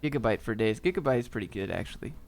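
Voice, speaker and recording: A man's voice: medium pitch, expressive, rapid-fire, vocal fry, faint music behind. A man hosting a casual live stream and answering viewer chat in a laid-back, joking, off-the-cuff way.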